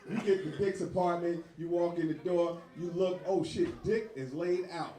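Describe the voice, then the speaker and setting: A man doing an animated, profane stand-up set on a bar stage, laughing through his lines. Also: high voice, normal speed. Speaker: stand-up comedian. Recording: echoey bar with crowd laughter.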